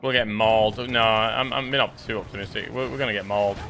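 A man giving casual running commentary while playing a shooter game, muttering to himself and reacting quickly. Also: fairly low pitch, steady tone, sharp tone, a little hiss or hum. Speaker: gaming streamer. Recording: faint gunfire under voice.

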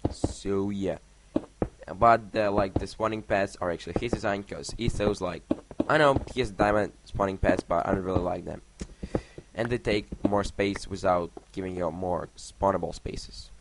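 A man's voice: deep voice, normal speed. A young man telling a story while playing a game, rambling and swearing often. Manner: rambling, swears a lot, counts blocks under his breath. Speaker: gaming vlogger. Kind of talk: casual storytelling over gameplay. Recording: noisy home mic recording.

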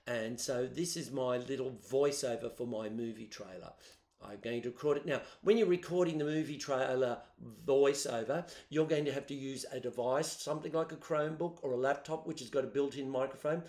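A man teaching students, explaining music software step by step in a chatty way on a laptop microphone. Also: medium pitch, a little fast. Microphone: built-in laptop microphone. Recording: roomy echo.

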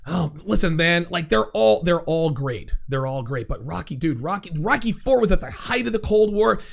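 Gravelly man hosting a call-in show. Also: high-pitched, normal speed. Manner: animated, emphatic, repeats phrases. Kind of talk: casual call-in chat.

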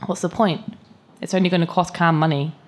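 A woman's voice: on the low side, fairly even intonation, a little fast, faint music behind, lightly acted. A woman reading aloud, voicing a blunt, skeptical young man.

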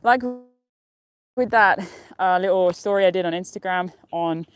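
Young woman rambling happily on a live stream up a mountain, lowish voice, laughs a lot, phone mic outdoors. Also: normal speed, clean tone, no room sound. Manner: rambling, cheerful, laughs often. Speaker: outdoor vlogger. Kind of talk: casual live-stream chat.

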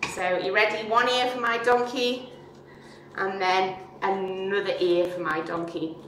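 A woman's voice: mid-range voice, fairly even intonation, a little slow, a bit bright, slight background noise. Woman leading a kids' craft, echoey and distant. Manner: chatty and playful, asking the children questions as she works. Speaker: children's craft leader. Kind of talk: craft demonstration for young children.

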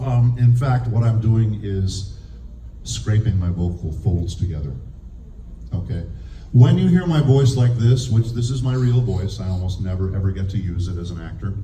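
A man who is a voice actor and speech teacher, giving a lively, demonstrative convention panel talk and laughing often. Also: on the low side, slight background noise. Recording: echoey room heard from a distance.

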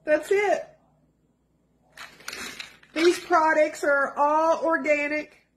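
A woman's voice: sits high, fairly even intonation, very slow, noisy background. A woman giving an earnest, pleading personal testimonial, emotional and close to tears at times, repeating herself for emphasis. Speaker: product affiliate giving a testimonial.

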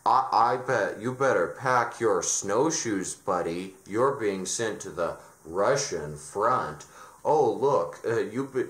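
Guy doing a loud taunting nazi officer, low voice, echoey room. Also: expressive, slow pace. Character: blustering male Nazi officer barking threats. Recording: roomy echo.

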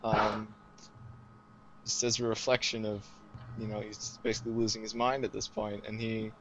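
A man playing a tabletop game, describing his character with a lively, amused delivery. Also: fairly low pitch, normal speed, muffled recording, slight background noise. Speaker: player. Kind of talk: in-character roleplay.

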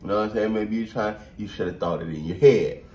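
A man's voice: on the low side, fast talker, a little hiss or hum. Man telling a story in an echoey room. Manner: animated, playful, acts out quotes. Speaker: vlog co-host. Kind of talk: casual storytelling chat. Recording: roomy echo, distant mic.

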